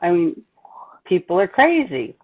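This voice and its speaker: A woman's voice: fairly low pitch, very animated, unhurried, breathy edge. A woman from New Jersey with a Jersey accent, a psychic medium hosting a casual livestream, talking bluntly and telling stories with animation. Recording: tinny phone-like line.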